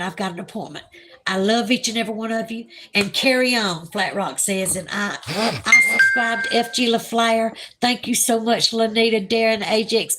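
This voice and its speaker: A woman's voice: fairly high pitch, fairly bright tone. A middle-aged woman with a Southern US accent, hosting a livestream and chatting emotionally while reading viewer comments. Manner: gushing, emotional, effusive. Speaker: livestream host.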